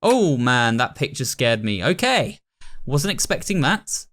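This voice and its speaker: A man's voice: mid-range voice, very animated, a bit bright. A man with an English accent reads a game's story aloud and comments on it casually. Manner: casual, reads narration slowly and comments quickly. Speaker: gaming YouTuber. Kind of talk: reading game text and commenting.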